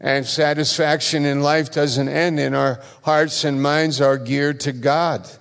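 Male pastor, unhurried and gravelly, preaching with emphatic repeats and loud stresses in a long-reverb church hall. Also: fairly high pitch, level tone. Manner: emphatic, repeats phrases, swings between loud stresses and quiet asides. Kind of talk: sermon.

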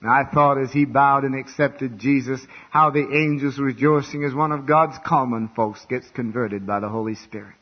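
A male preacher delivering a revival sermon, swinging from hushed, quiet lines to loud, fervent outbursts. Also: medium pitch, steady tone, moderate pace, hardly any pauses. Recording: dull lo-fi recording.

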